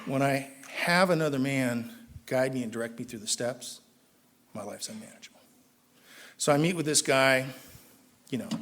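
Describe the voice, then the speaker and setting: A middle-aged man with a Southern Californian accent, speaking as an AA speaker, relates his recovery journey at a meeting while impersonating the people involved. Excitement sends his voice up in both volume and pitch.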